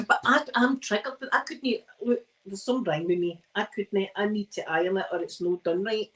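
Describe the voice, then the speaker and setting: This ASMR livestream host from Scotland is tired and yawning as she irons and chats. She talks fairly quickly in a mid-range voice with few pauses, rambling and teasing herself. It's a rough recording.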